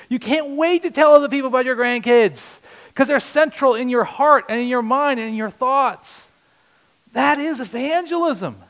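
A man preaches with a notably high voice. He swings between loud, punchy lines and quiet, earnest ones. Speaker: pastor. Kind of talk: sermon.

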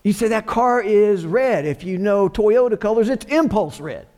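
A man's voice: sits high, expressive, normal speed, a little mellow. A man preaching a sermon in a church, earnest and repeating phrases for emphasis. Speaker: pastor.

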